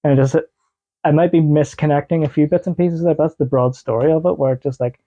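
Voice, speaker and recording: A man's voice: a little high, steady tone, fast, mellow. A man co-hosting a casual podcast, telling loose stories and laughing easily. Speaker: podcast co-host. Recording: dull lo-fi podcast audio.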